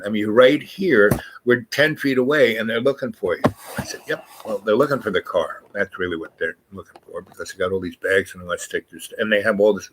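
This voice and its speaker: A man's voice: fairly low pitch, a little hiss or hum, low-quality recording. Rambling man telling a story. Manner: rambling, animated, acts out quoted voices. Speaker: storyteller host. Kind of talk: casual storytelling monologue.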